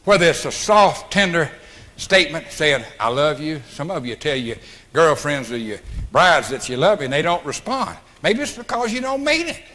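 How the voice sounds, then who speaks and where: A man's voice: fairly high pitch, big pitch swings, normal speed, sharp tone. A man giving an emphatic, blunt motivational lecture at an orientation, recorded in a large hall. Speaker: speaker at an orientation. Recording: archival hall recording with long reverb.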